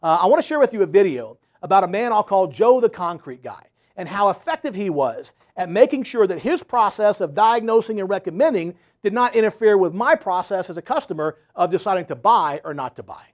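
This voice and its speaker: A man's voice: high-pitched, expressive, brisk. A man giving a motivational sales training talk to service contractors, telling stories emphatically and often checking in with "right?". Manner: emphatic storyteller, tags points with "right?".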